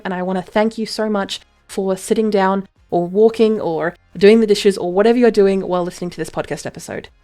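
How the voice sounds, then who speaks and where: A woman's voice: mid-range voice, a little mellow. A woman hosting a solo podcast on personal branding, candid and chatty with frequent asides. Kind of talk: casual solo podcast talk.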